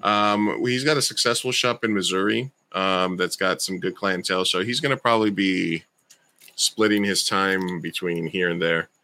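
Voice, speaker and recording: Low, bright-voiced man hosting a chat. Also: moderate pace. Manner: rambling, self-correcting. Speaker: podcast host. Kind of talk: casual chat.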